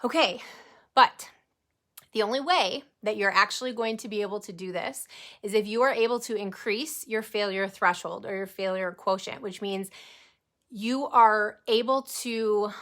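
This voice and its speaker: A woman in her forties giving an energetic, chatty live training to her sales team, talking straight to her viewers. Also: medium pitch. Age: 40s. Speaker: network marketing team leader.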